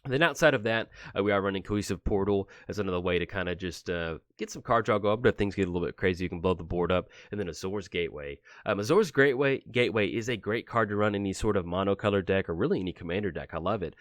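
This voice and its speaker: A man giving a casual, chatty walkthrough of a card game deck, filling pauses with frequent "uh"s. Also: deep voice, no echo. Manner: brisk and chatty, with frequent filler "uh"s. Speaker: deck tech presenter.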